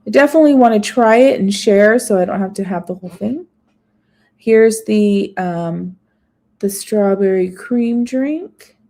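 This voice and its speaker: A woman's voice: mid-range voice, a little slow, mellow. A woman vlogger chatting casually on a live stream, reading menu items aloud with small asides. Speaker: food vlogger.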